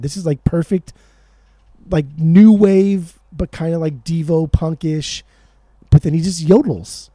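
Casual podcast co-host, male, mellow and a bit high, excitable, swears a lot, dry close sound. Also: unhurried, no room sound. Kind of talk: casual chat.

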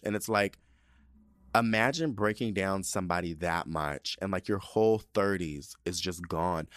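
Sassy animated man, dry close sound. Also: clear, resonant tone, dry recording. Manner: animated, sassy, swings into high excited bursts; casual profanity and slang. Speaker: podcast host. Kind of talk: casual solo commentary.

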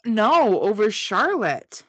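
Woman, podcast co-host, slow giggly delivery, swears, dry close sound. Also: mid-range voice, very animated, breathy edge, dry recording, lo-fi sound. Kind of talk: casual recap chat.

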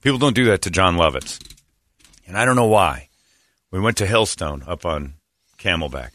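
This radio host's deep voice carries a casual, animated story at a moderate pace, as he acts out the quoted voices of its characters. The sound is clean studio audio, free of echo.

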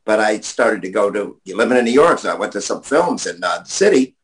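A man's voice: on the low side, sing-song, a little fast, poor audio. A man chatting casually, rambling through memories with restarts and laughter. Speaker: guest. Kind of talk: casual chat.

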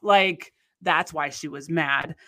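A woman casually telling a long anecdote in conversation. She rambles with restarts and acts out the people in her story with big jumps in pitch. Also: takes it slowly, fairly bright tone. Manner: rambling, many restarts and fillers.

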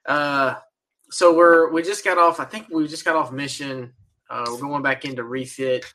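A man's voice: a little high, fairly even intonation, normal speed, bright, forceful tone, poor audio. Laid-back man on a podcast. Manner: laid-back, profane, laughs often. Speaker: podcast co-host. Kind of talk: casual chat.

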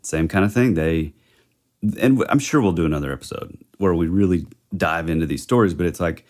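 A man's voice: sits low, a little fast, darkish tone. A man co-hosting a podcast, thinking aloud hesitantly in casual true-crime chat. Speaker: podcast co-host.

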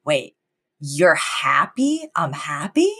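Woman voicing breezy young nanny, low-pitched, quick lines. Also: big pitch swings, pushed and bright, slightly rough, exaggerated voice.

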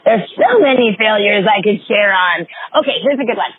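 A woman fitness executive, a guest in an interview, telling stories with lively acted-out quotes. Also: mid-range voice, moderate pace, a little hiss or hum. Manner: animated storyteller, acts out quoted voices. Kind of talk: interview storytelling. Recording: dry, phone-like lo-fi audio.

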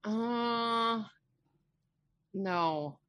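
A woman's voice: fairly high pitch, very slow, a bit bright. Laughing woman chiming in. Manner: reactive, laughing, brief replies. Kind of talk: casual chat.

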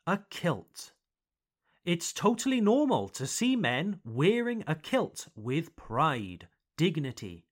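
A British man hosting an English lesson podcast, reading a scripted explanation slowly and carefully and adding French translations. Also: fairly high pitch, wildly swooping pitch. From United Kingdom. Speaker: podcast host teaching English. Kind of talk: scripted educational narration for learners.

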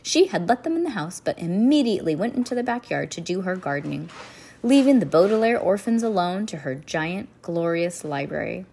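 Brief: woman reading a chapter book aloud, husky tone, very lively pitch, expressive delivery. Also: brisk. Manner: expressive, occasional slips and restarts. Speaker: reader.

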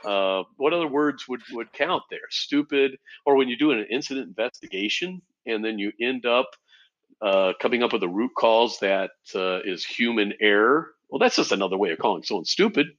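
A man, a safety consultant, telling stories in a relaxed, conversational way, with lots of fillers and acted-out quotes. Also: medium pitch, normal speed, lo-fi sound. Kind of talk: conversational storytelling.

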